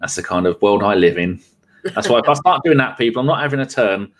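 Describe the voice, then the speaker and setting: A man's voice: fairly low pitch, expressive, fast talker, fairly bright tone. A man from Manchester, a podcast guest chatting wryly and self-deprecatingly. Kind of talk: casual podcast chat.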